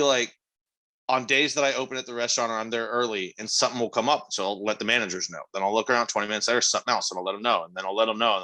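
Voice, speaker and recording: A man's voice: lowish voice, bright, forceful tone, poor audio. A man co-hosting a podcast, venting in an exasperated way during casual chat. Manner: exasperated, venting about work. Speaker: podcast co-host.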